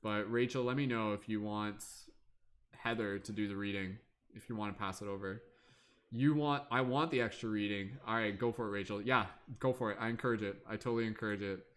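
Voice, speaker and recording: A man's voice: lowish voice, steady tone, a little fast, a bit bright. A man hosting a livestream, chatting casually and playfully to his viewers, humming and scatting filler sounds while he waits. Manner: chatty, playful, hums and scats while waiting. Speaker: livestream host.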